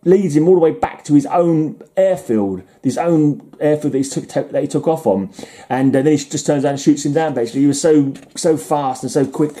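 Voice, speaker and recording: A man's voice: fairly high pitch, a little fast, mellow. A man casually summarizing old comic stories, rambling with restarts and chuckles. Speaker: comic reviewer. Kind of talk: casual chat.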